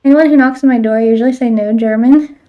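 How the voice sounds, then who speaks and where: A woman's voice: high-pitched, fairly even intonation, very fast. Girl streaming a game, chatty, says like a lot, kinda muffled audio. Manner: chatty, fills talk with "like", swears casually. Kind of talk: casual chat while playing a game.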